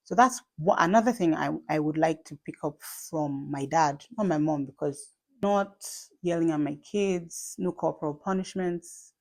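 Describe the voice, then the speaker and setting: Nigerian woman, late 30s, low mellow voice, chatty emphatic vlogger. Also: moderate pace. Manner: chatty and emphatic, with repeats and asides. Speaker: vlogger and mother. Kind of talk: casual talk to camera.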